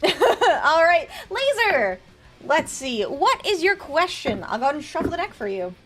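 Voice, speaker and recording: A woman with a high, bright-pitched voice leads a casual live stream. Her speech jumps up and down constantly as she teases viewers and offers them tarot readings in a chatty, playful way. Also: big pitch swings, a little slow, slight background noise.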